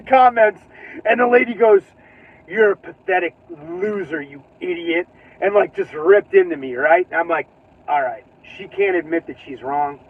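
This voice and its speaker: High-voiced man rambling from his car. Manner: rambling, laughing, trails off mid-sentence. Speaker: channel host. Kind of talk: casual driving vlog chat. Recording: tinny phone-like audio.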